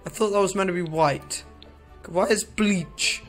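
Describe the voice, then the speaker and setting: A man talks through a video game in a loose, rambling way, cracking jokes and breaking off his own sentences. His voice sits a little high for a man, with faint music in the background. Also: measured pace, a bit bright. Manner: rambling, jokey, self-interrupting. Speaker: gaming video creator. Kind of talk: casual gameplay commentary.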